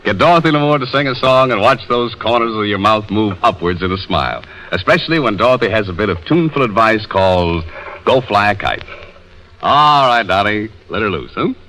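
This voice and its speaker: A man hosting a 1930s radio comedy with quick, playful wisecracks. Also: lowish voice, lively intonation, bright, forceful tone, low-quality recording. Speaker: host.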